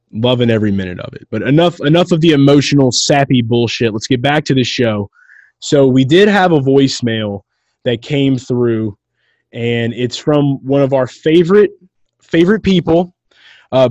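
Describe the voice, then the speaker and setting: Excitable, rambling man co-hosting a podcast. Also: mid-range voice, normal speed, dry recording, highs cut off. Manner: excitable, rambling, swears freely. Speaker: podcast co-host. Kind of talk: casual podcast chat.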